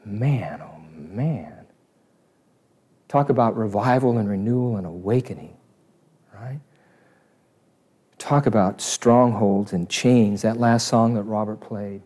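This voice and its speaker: A man preaching a sermon to a live congregation, animated and asking them questions. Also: fairly low pitch, slow pace, long pauses, slightly rough. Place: church service before a congregation.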